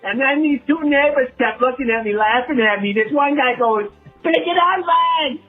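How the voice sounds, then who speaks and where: A man voicing a rambling, excitable male caller who walks a pig, leaving a voicemail. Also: extremely high pitch, normal speed, faint music behind. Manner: gushing, rambling voicemail chatter. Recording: tinny phone voicemail.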